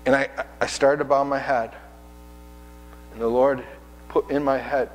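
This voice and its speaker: A man's voice: medium pitch, steady tone, moderate pace, long pauses, big-room sound, slight background noise, poor audio. A man preaching a sermon as pastor, telling personal stories in a conversational way and acting out the voices in them. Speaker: pastor and hospice chaplain. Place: church sanctuary.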